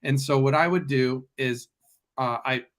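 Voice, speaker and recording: A man, a guest real estate investor, telling a story in casual conversation and acting out the dialogue with lively delivery. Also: medium pitch, measured pace.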